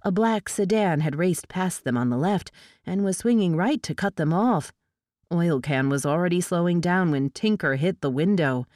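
A woman with a low voice reads a novel aloud at a steady, measured pace. The recording is dry and close, with no room sound. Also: dry recording. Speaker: audiobook narrator. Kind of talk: scripted narration of a novel.

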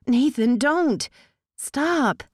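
A woman's voice: mid-range voice, lively intonation, slow, a little mellow, no room sound, pitched above the performer's own voice. A woman puts on a fierce young elf woman in a dry, close voice. She protests sharply and stands her ground with defiance. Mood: protesting.

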